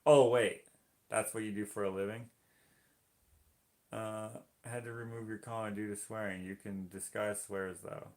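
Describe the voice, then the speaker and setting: Male streamer, low gravelly voice, playful banter. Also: flat delivery, normal speed, a little mellow. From Canada. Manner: joking, teasing viewers. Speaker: livestream host painting. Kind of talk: casual livestream chat reading comments.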